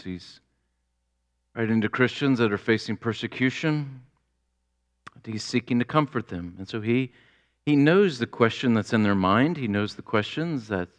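Slow, resonant preaching man. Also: mid-range voice, fairly bright tone. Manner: deliberate, building to fervent exclamations. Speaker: pastor. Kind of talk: sermon.

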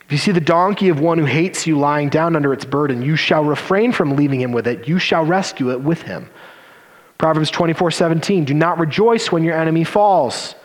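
Lively male preacher in a reverberant hall. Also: fairly high pitch. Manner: animated, sarcastic asides. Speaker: pastor. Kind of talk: sermon.

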